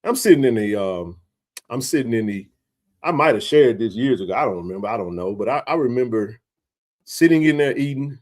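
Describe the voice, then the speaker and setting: Animated man telling a story. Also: medium pitch, brisk. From Mississippi. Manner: animated, fired-up storytelling with filler words. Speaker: sports talk show host. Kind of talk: livestream storytelling chat.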